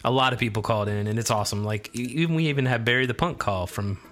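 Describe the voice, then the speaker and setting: A man's voice: mid-range voice, fast talker, fairly bright tone. A man co-hosting a casual podcast chat, talking in a rambling way and repeating words as he searches for them. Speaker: podcast co-host.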